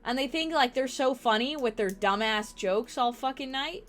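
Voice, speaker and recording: A young woman streamer telling stories in casual chat, animated and profane, acting out the people she quotes. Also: sits high, moderate pace.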